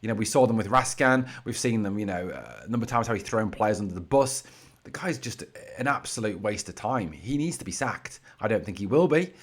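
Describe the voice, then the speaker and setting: A man's voice: on the low side, sing-song, a little fast. A man hosting his own football fan channel, giving heated, blunt solo commentary scattered with "you know".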